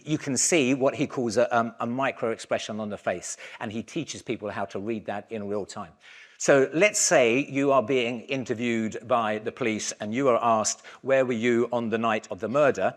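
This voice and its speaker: Speaking at normal speed and medium pitch, a man delivers a conference keynote with lively, chatty energy, getting louder whenever he directs the audience to do something.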